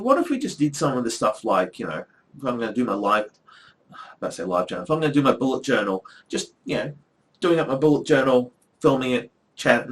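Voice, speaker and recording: A middle-aged man, chatting casually to the camera in a rambling, wry way with lots of ums. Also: mid-range voice. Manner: rambling, chatty, with frequent ums and dry asides. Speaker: vlogger and academic.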